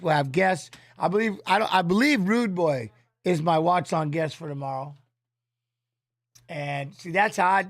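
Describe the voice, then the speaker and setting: A man's voice: a little high, dry recording, studio quality. A middle-aged man hosting a casual livestream from his home office, chatting loosely while watching fights. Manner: rambling, loose, drops filler tags. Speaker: streaming host and former fighter.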